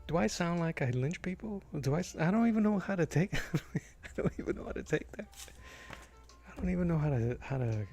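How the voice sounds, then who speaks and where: A man's voice: a little high, expressive, a little fast. A man from Massachusetts, a comic artist, chatting casually while he draws and telling stories with restarts and chuckles. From Massachusetts, USA. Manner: rambling, storytelling with restarts and chuckles. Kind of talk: casual chat while drawing. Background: soft background music.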